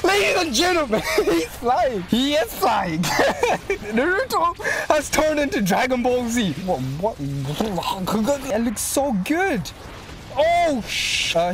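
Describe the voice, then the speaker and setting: A man hosting an anime reaction channel, giving live commentary that turns to excited shouting and stammering in disbelief, speaking into a desk microphone. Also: high voice.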